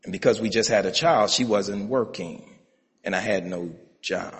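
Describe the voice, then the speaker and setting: A middle-aged male pastor preaching a sermon, building to shouted, rhythmic call-and-response passages. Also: on the low side, moderate pace. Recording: long hall reverb.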